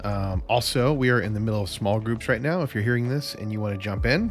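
A man giving casual church announcements in a relaxed way with many fillers. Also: on the low side, fast talker, few pauses. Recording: music under the voice.

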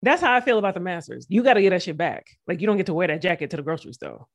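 A woman's voice: fairly low pitch, expressive, rapid-fire. A woman co-hosting a casual sports podcast, chatty and digressive, joking as she goes. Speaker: podcast co-host.

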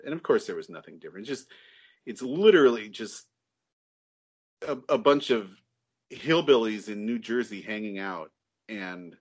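A man's voice: lowish voice, expressive, a little slow, pauses often, breathy edge. A man telling a laid-back story in casual podcast banter and mocking the people he quotes. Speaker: podcast co-host. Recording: dull lo-fi sound.

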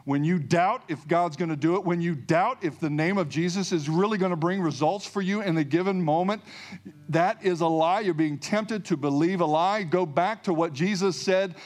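A man's voice: high-pitched, moderate pace. A man preaching a sermon, emphatic, repeating key phrases and calling out hallelujah.

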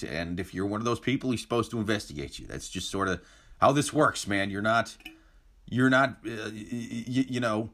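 A man's voice: fairly low pitch, a bit bright. A man co-hosting a podcast, talking politics in a loose, profane, joking way with frequent restarts. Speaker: podcast co-host. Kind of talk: casual political chat.

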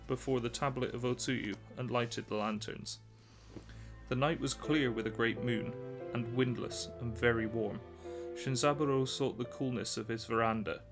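Male narrator, mid-pitched, measured storybook reading. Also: fairly even intonation, creaky, music in the background.

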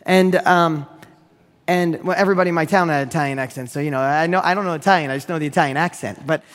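A man giving a motivational business talk, telling a deal story in an energetic, direct, repetitive way. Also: a little high, racing, in a large hall. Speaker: real estate investor and business speaker.

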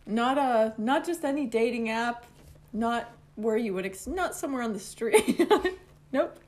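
A woman's voice: a little high, expressive, unhurried, a little mellow. A young woman in a casual talk, animatedly recounting a personal story and laughing often as she tells it. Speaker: guest telling a personal story.

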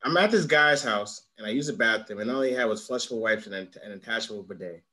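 A man hosts a laid-back podcast in a fairly low voice. He keeps things moving, reads questions aloud and reacts with easy agreement. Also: fast talker. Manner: relaxed, steers the segments and reads out questions. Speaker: podcast host. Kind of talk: casual chat.

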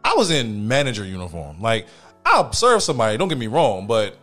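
A man's voice: mid-range voice, wildly swooping pitch, fairly quick, a bit bright, soft background music. A young man in casual podcast chat, telling a story with lots of slang and acting out both sides of a quarrel. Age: young adult. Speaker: podcast co-host.

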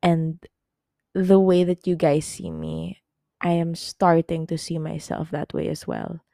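A woman's voice: low voice, very animated, unhurried, vocal fry, dark tone, no room sound, clean studio sound. A young woman hosting her own podcast, talking candidly and emotionally to her listeners, swearing casually. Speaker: podcast host. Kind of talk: personal podcast monologue.

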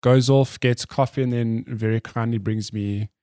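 A man's voice: medium pitch, steady tone, moderate pace, warm tone, dry recording. A man co-hosting a podcast, telling rambling anecdotes in casual chat and laughing often. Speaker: podcast co-host.

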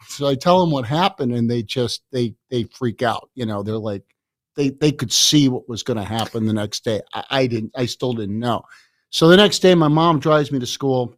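A man in his sixties from the Chicago area, telling stories as a podcast guest in a lively way, often laughing and repeating words. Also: medium pitch, normal speed, dry recording, clean studio sound. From Chicago area, USA. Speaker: guest, author. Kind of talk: anecdotal storytelling in a podcast interview.

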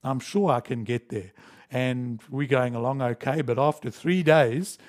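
A man's voice: mid-range voice, a little slow, darkish tone. A male pastor preaching a sermon to a live stream, telling a parable and acting out the voices in it. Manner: storytelling, acts out quoted lines with rising emotion.

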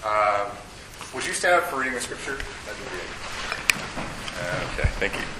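A man's voice: on the low side, expressive, brisk, very noisy. A man giving an informal, joking sermon to a gathered group as a campus ministry preacher. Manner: joking, chatty, self-deprecating. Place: meeting room with an audience. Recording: echoey room, mic at a distance.

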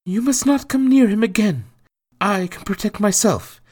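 Man doing a high frightened mother. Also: lively intonation, darkish tone. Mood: pleading. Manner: high strained falsetto, slow and pleading. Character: anxious frightened mother, middle-aged woman.

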